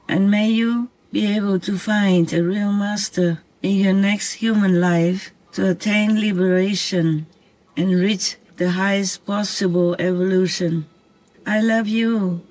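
Soft-spoken woman giving a spiritual talk, really slow, takes her time between phrases. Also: fairly high pitch, no room sound, poor audio. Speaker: spiritual teacher.

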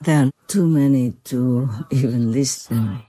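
A benevolent otherworldly king speaks in a slow, formal and reassuring way , as a speaker relays his words. The voice is mellow and unhurried, recorded dry and close. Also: medium pitch, breathy edge, no room sound, low-quality recording. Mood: gracious.

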